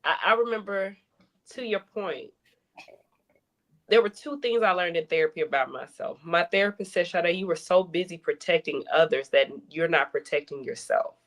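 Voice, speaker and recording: A woman in casual conversation, telling stories with lively acted-out dialogue. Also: fairly low pitch, moderate pace. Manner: animated storyteller, acts out quoted dialogue. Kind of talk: casual chat.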